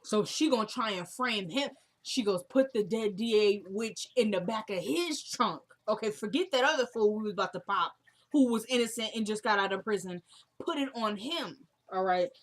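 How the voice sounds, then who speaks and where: A woman's voice: mid-range voice, expressive, moderate pace. A woman casually retelling a TV episode scene by scene, quoting each character's lines in her own voice. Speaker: TV show recapper.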